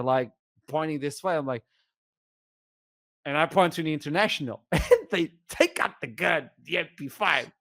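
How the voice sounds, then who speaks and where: A young man with a Portuguese accent, an esports caster guesting on a podcast, telling an animated story with laughs and sudden shouts. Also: medium pitch, no room sound, studio quality. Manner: animated, acts out scenes, laughs often, bursts into shouts.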